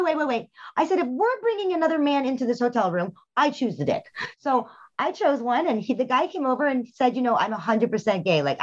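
A quick-talking woman with a fairly high, very lively voice, swooping up and down as she tells frank stories as a podcast host. The sound is a little dull and lo-fi. She laughs often and speeds through her anecdotes. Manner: frank, animated storytelling with laughs. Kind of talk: casual chat.

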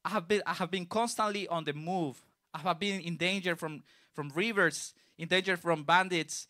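A man preaching with a bright, clear, ringing tone that sits a little higher than most men's. He reads scripture aloud and then unpacks it in easy, everyday language, as if he were talking with a youth group. The sound is dry and close, with no room echo. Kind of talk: sermon.

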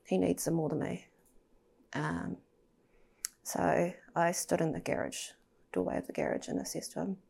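Husky-voiced woman telling a hard story. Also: lowish voice, moderate pace, pauses often, dark tone. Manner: candid, emotional, swears, drops to near-whisper at times. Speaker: podcast guest. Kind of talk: personal storytelling in a podcast interview.

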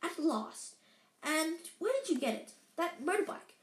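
A woman voicing a wise old male wizard who speaks in a calm, measured, gently wry way, read aloud from a storybook in an echoey room. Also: very high voice, pitched above the performer's own voice, full character voice.

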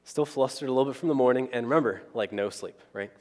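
In a mid-range, darkish voice, a man talks quickly through a personal story framed as a sermon. He chats with the crowd conversationally and tacks "right?" onto nearly every point, all under long hall reverb.

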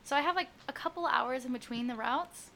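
A young woman with a bright, fairly high voice co-hosts a casual podcast chat. She is playfully sarcastic and quick with a joke. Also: a little hiss or hum. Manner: sarcastic, joking. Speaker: podcast co-host.

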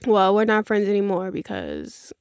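A woman's voice: mid-range voice, huge pitch swings, moderate pace, gravelly, darkish tone, clean tone, dry recording, clean studio sound. A young woman hosting a podcast, telling a rambling story in casual chat with many fillers and asides. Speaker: podcast host.

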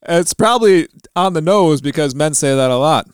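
A man co-hosting a podcast, chatting casually with joking, animated asides. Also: on the high side, normal speed, clear, resonant tone, dry recording, studio quality. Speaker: podcast co-host. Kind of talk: casual chat.

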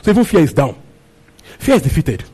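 A man's voice: a little high, big pitch swings, fairly quick, a little mellow, slightly rough, rough recording. A man preaching a sermon, repeating his phrases and asking the congregation questions. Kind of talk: sermon teaching on a Bible passage.

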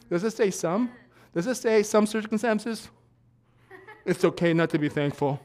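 A man preaching a sermon in a church, swinging from loud shouting to quiet joking asides with laughs. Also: high-pitched, normal speed. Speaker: pastor.

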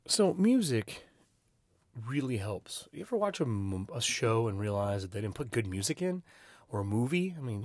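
A man's voice: medium pitch, slightly rough, no room sound, studio quality. A man giving casual, emphatic advice on running tabletop games, swearing now and then. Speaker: game master giving advice.

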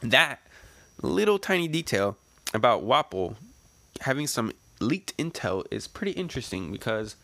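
A man's voice: medium pitch, big pitch swings, moderate pace, vocal fry, pushed and bright. A man casually reading a comic page by page, speculating aloud with lots of fillers. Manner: chatty, speculative, many fillers. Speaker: comic reader and reactor. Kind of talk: casual read-through with commentary.

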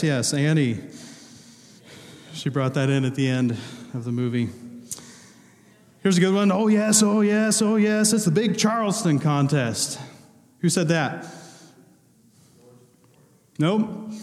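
In a large church hall, a male pastor speaks casually from the pulpit, joking with the congregation as he quizzes them on movie quotes. His voice is fairly high and a little mellow. Long hall reverb trails his words.

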